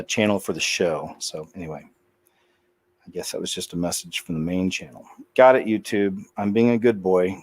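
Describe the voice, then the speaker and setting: A man's voice: fairly low pitch, darkish tone, no echo. A man hosting his own channel, reading news items aloud and making casual, muttered asides. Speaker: channel host.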